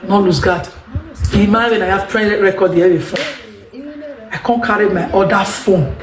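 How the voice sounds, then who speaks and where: A woman's voice: medium pitch, steady tone, normal speed, crowd noise. A Nigerian woman talking straight to her viewers, emphatic and rambling, repeating her points. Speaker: vlogger. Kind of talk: unscripted monologue to viewers. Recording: echoey room.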